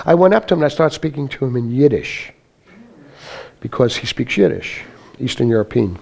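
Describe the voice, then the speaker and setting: At a church meeting, a guest speaker shares his testimony informally, rambling and saying "you know" a lot as he tells his story. His mid-range voice is mellow, with some vocal fry.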